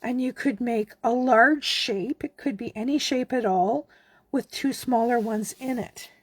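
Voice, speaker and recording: Crafter host, woman, slightly high and husky, slow friendly talk-while-working. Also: no room sound. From Canada. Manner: chatty, relaxed, talks while working. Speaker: card-making demonstrator. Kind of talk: casual craft tutorial.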